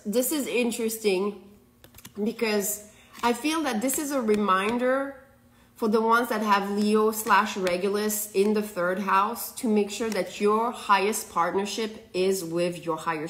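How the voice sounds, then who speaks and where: A woman in the middle of a live tarot and astrology reading, talking at a slow, unhurried pace. She rambles loosely, laughs a lot, and keeps asking her viewers "okay?" Her voice sits at an ordinary middle pitch. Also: fairly bright tone. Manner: laughs often, checks in with repeated "okay?"; loose, rambling delivery with restarts.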